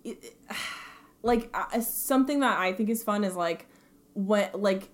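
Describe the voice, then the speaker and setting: A woman's voice: medium pitch, slow pace. A young woman co-hosting a casual podcast chat, swearing freely, filling her talk with likes, and jumping into silly voices. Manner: animated, swearing, lots of fillers, jumps into silly voices. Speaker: podcast co-host.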